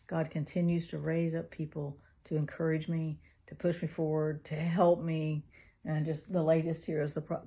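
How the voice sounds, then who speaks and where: This is a middle-aged woman talking about caring for her son in a heartfelt vlog. Her voice is husky and mellow, sitting a little low. She speaks earnestly, laughs easily and sometimes lowers to a whisper. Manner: earnest, soft-spoken, laughs often, drops to a whisper. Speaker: caregiver mother.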